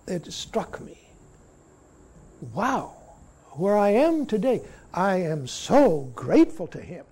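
A man with a raised, gravelly voice delivers a Zen dharma talk. His tone is dark and mellow, and he talks haltingly, checking in with "see?" as he goes. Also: high-pitched. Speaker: Zen teacher.

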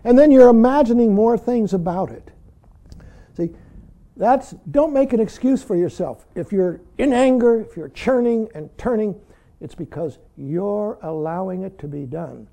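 Male Zen teacher, dharma talk, dark mellow tone, pitch leaping all over, keeps saying "see". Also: lively intonation, unhurried, creaky. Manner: emphatic, keeps saying "see", chuckles often.

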